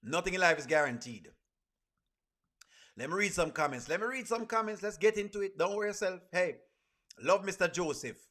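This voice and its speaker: A man's voice: high-pitched, lively intonation, fairly quick, long pauses, a bit bright. A man with a Jamaican accent giving casual live reaction commentary. He throws rhetorical questions at his chat and uses creole grammar. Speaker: reaction streamer.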